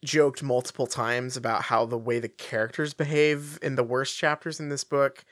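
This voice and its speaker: A man co-hosting a casual podcast, chatting in an animated, joking way. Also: medium pitch, dry recording, studio quality. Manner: animated, jokey, quick laughter. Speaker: podcast co-host.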